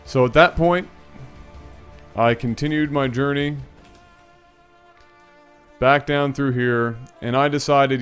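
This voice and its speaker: Male vlog host, animated storyteller, mid-pitched, with faint music underneath. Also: takes it slowly, pauses often, clear, resonant tone.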